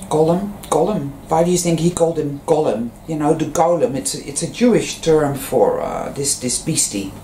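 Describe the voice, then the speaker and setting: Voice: moderate pace, hardly any pauses, a little hiss or hum. Rambling speaker in a roomy echo. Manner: rambling, peppered with fillers and restarts; animated storytelling with sudden pitch jumps. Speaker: vlogger. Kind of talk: casual spiritual monologue.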